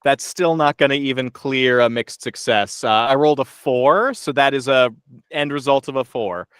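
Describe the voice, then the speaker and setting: A man's voice: medium pitch, normal speed, fairly bright tone, smooth, no room sound, clean studio sound. A man playing a tabletop game, speaking in a wry, self-deprecating way about his character's bad luck. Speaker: player.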